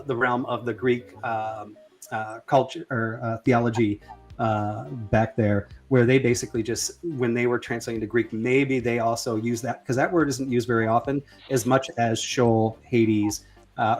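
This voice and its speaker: A man's voice: medium pitch, steady tone, a little slow, faint music behind. Hesitant man hosting a religion discussion. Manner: hesitant, many fillers and restarts. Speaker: debate host. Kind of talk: casual discussion.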